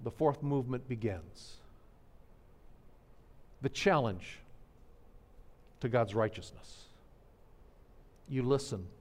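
A man preaching a sermon, swinging between hushed, sorrowful passages and soaring, fervent proclamation. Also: medium pitch, slow pace, long pauses, in a large hall. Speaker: pastor.

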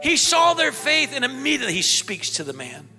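A man preaching a sermon as pastor, excitable and bursting into shouts, in a large church hall. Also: very high-pitched, fairly quick, over music.

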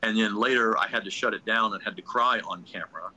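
A man, a ventriloquist guest, telling anecdotes in a casual, animated way, often restarting his sentences. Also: fairly low pitch, fast talker, a little hiss or hum, low-quality recording. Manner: animated storyteller, restarts often, acts out quotes.

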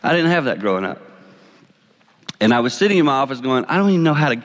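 A man in his fifties with a South Carolina accent gives a folksy, animated sermon with an object lesson. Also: medium pitch, quick pace. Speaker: speaker. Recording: long reverb of a large hall.

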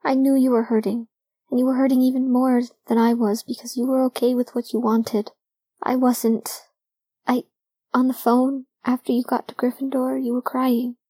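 A woman voicing Logan, a young man who is emotional, hoarse and crying as he pleads. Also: high voice, level tone, moderate pace, warm tone, dry recording, voice pushed up. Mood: anguished.

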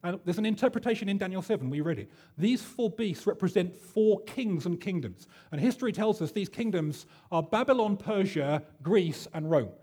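Husky man preaching a sermon. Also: sits high, animated, moderate pace, hardly any pauses, warm tone. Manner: chatty, self-deprecating storyteller with many fillers. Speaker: pastor. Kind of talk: sermon with personal story.

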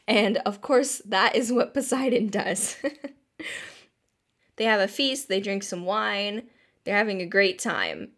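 A woman's voice: medium pitch, fairly bright tone. A woman co-hosting a casual book discussion. She laughs often and makes joking, mock-exasperated asides as she retells the story.

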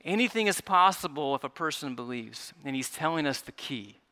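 Earnest bright-voiced male pastor preaching. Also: on the high side, lively intonation, brisk. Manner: earnest, stumbling repetitions, drops soft then rises. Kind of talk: sermon.

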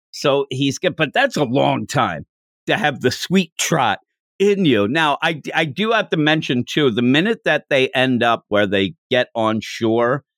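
Animated man on a chatty podcast. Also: dry recording, studio quality. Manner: animated, jumps into high-pitched quoted voices; rambling, with restarts. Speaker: podcast co-host. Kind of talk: casual podcast discussion.

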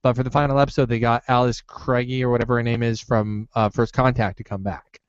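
Deadpan man telling crude jokes. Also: mid-range voice, fast, clean tone, dry recording, muffled recording. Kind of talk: casual chat.

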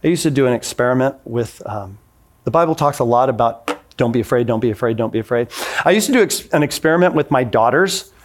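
A man's voice: medium pitch, expressive, quick pace. A man in his forties preaching a sermon in a casual, conversational way, acting out the voices he quotes. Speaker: pastor.

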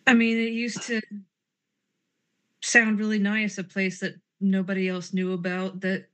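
A woman plays her character in a tabletop role-play, switching between in-character lines and description. Her voice is bright and keen. Her banter is petulant and sarcastic. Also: medium pitch, flat delivery, a little slow.

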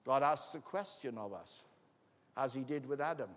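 Preacher with dramatic storytelling. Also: male voice, medium pitch, lively intonation, moderate pace. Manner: dramatic storytelling, acting out voices, building to shouts. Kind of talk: sermon. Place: auditorium. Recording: long hall reverb.

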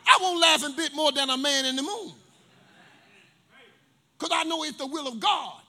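A man's voice: very high voice, moderate pace. A male pastor preaching a sermon, telling stories and calling on the congregation to respond. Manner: animated preacher, storytelling with call-and-response.

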